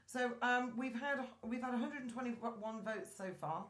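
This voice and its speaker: A woman's voice: fairly high pitch, normal speed, a bit bright. A woman hosting a chat show, chatting casually and reading news stories aloud, stumbling over names. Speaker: host. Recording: roomy echoey room.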